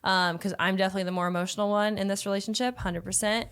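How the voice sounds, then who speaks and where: A woman's voice: mid-range voice, steady tone, racing, a bit bright, clear, resonant tone. A young woman hosting a casual relationship chat, talking earnestly and at length in a coaching tone. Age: young adult. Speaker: host.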